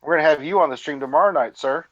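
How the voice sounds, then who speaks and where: A man's voice: on the high side, very fast, fairly bright tone, lo-fi sound. A man hosting a live stream in casual chat, teasing his co-host and laughing often.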